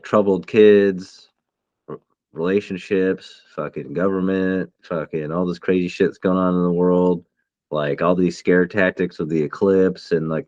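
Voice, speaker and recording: A man co-hosting a podcast in casual, profane, rambling chat that turns excitable. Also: low-pitched, no echo. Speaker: podcast co-host. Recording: dull lo-fi dry sound.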